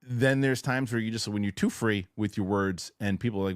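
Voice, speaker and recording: A man hosting a casual news-reaction chat show, talking in a rambling, animated way with loose restarts. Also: fairly low pitch, a little fast, clean tone, dry recording, clean studio sound. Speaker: show host.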